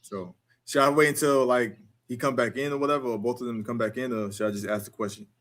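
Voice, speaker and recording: A man hosting a casual group podcast, asking questions in a halting way with many fillers. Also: mid-range voice, fairly even intonation, a bit bright. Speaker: podcast host.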